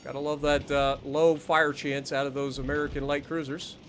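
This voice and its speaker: Profane, bright-voiced ranting gamer man. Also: a little high, level tone, moderate pace, slight background noise. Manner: profane, exasperated ranting with sarcasm. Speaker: game streamer. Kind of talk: live gameplay commentary.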